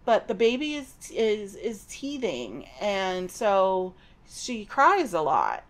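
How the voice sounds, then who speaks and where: A middle-aged woman talks through a story she has read. She is casual and conversational, and drifts into personal asides before picking the thread back up. Her pitch sits at a mid level for a woman. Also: huge pitch swings, takes it slowly. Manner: chatty and digressive, with personal asides. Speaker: podcast host recapping a novel. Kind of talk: casual book recap.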